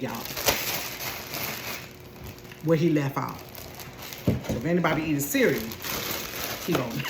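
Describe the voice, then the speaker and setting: A woman in her forties telling a comedic story in a sassy, animated way, laughing often. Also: low-pitched, noisy background. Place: bedroom. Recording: roomy bedroom echo.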